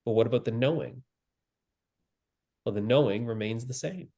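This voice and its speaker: A man giving a spiritual teaching, speaking calmly and slowly with long pauses and repeated phrases. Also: medium pitch. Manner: calm, slow and repetitive, with long pauses. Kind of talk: slow guided spiritual teaching.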